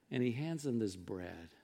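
A middle-aged male pastor preaching a sermon, telling Bible stories with animated, conversational delivery and acted-out quotes. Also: gravelly. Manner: animated storytelling, acting out quotes with rising pitch and volume.

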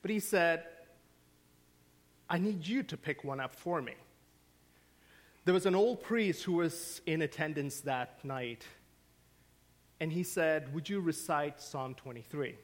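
Man, pastor, sermon, fairly high voice, slow deliberate delivery, hushed to emphatic. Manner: storytelling, swings from hushed to emphatic. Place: church sanctuary.

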